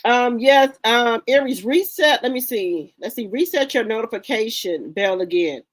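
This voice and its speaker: A woman's voice: on the high side, lively intonation, normal speed, no echo. A woman hosting a casual livestream, greeting viewers one by one with repeated hellos in an informal, chatty way. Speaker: livestream host.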